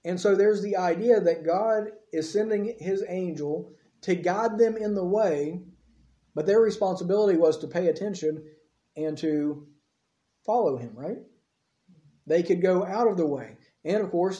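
High-voiced preacher teaching verse by verse. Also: male voice, normal speed, warm tone. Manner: conversational, frequent tag questions. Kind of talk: expository Bible teaching. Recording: slightly dull lo-fi audio.

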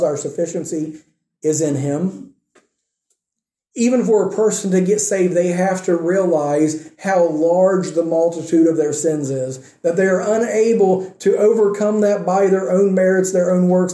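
A male pastor with a high, mellow voice delivers a sermon in a church. He keeps putting questions to the congregation as he preaches. The sound echoes around the room.

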